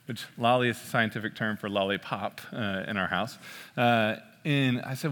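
A man in his thirties preaching a sermon, telling a story in a relaxed, joking way with frequent "uh" fillers. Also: on the low side, moderate pace. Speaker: pastor. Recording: long hall reverb.

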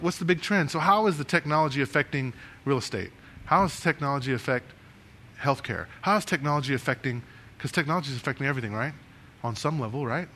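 A man leading a networking workshop before a live room, animated and restless, often asking the audience questions and moving as he talks. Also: medium pitch, a little hiss or hum. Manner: animated, talks with his hands and moves around; asks the room many questions. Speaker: speaker giving a networking workshop.

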